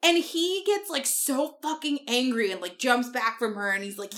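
A woman's voice: a little high, moderate pace, fairly bright tone. A young woman co-hosting a podcast, retelling a book plot in sarcastic, swear-heavy casual chat. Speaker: podcast co-host.

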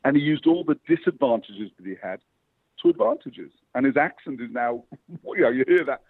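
A man, a publicist, telling lively motivational anecdotes as a guest over the phone. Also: medium pitch, a little fast, husky, no echo. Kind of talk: interview storytelling. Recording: tinny phone line.

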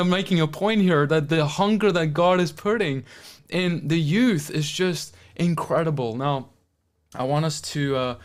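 A man's voice: on the high side, clear, resonant tone. A man hosting a faith show, commenting earnestly and introducing a guest. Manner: earnest, animated, restarting phrases. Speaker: show host. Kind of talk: casual commentary.

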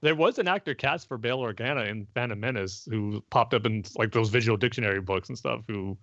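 A man's voice: mid-range voice, a little fast, fairly bright tone, no room sound, dull audio. A man in a casual watch-along chat who laughs often between points.

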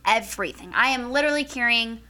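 Bright high-voiced young woman telling a story. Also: fast talker. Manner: swears a lot, laughs while telling. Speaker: podcast co-host. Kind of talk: casual storytelling chat.

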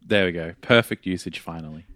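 Lower-voiced man with teasing quips. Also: fairly quick, a bit bright, no echo, studio quality. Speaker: podcast co-host, audio engineer. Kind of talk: casual podcast chat.

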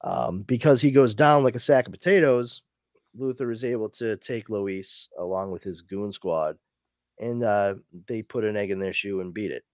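A man's voice: fairly low pitch, normal speed, a little mellow, dry recording, studio quality. A man hosting a podcast, casually recapping a comic book story in a rambling way, full of fillers. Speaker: podcast host.

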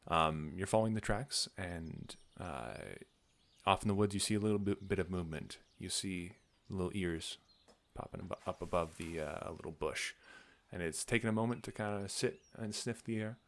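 A man narrating as game master of a tabletop game, relaxed and unhurried with many filler sounds. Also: deep voice.

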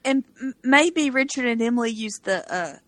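A woman co-hosting a podcast, chiming in with wry, quick asides while recapping a show. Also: a little high, animated, crowd noise. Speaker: podcast co-host. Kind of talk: casual recap chat.

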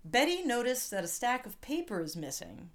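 A woman's voice: on the high side, very animated, normal speed. A woman co-hosting an improv comedy podcast, in casual, playful banter. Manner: playful, wry. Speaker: podcast co-host.

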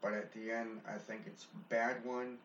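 A man's voice: fairly low pitch, flat delivery, normal speed. A man co-hosting a paranormal investigation show, plainly agreeing and talking through recordings. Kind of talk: casual commentary on recordings. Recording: echoey, muffled lo-fi recording with faint hiss.

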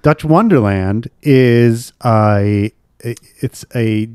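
A man's voice: mid-range voice, drawn-out words, mellow, clean tone, no room sound. A man co-hosting a podcast in casual chat, rambling and correcting himself as he talks. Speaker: podcast co-host.

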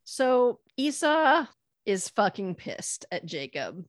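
A woman's voice: medium pitch, very animated, slow pace, no echo, clean studio sound. A woman casually retelling a story, acting out the quotes with playful irreverence and cursing. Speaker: podcast co-host retelling Bible stories. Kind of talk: casual chat.

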